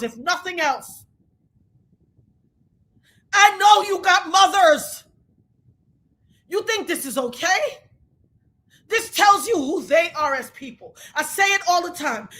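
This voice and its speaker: A woman giving an angry, tearful commentary rant, shouting, cursing and praying aloud in between. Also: extremely high pitch. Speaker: commentary vlogger.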